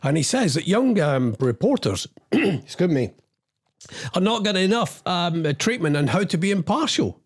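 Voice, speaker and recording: A man's voice: high voice, big pitch swings, normal speed, slightly rough. A man hosting a radio show, ranting in an agitated, exasperated, rambling way and jumping between asides in a studio. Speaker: radio host. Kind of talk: rambling on-air monologue.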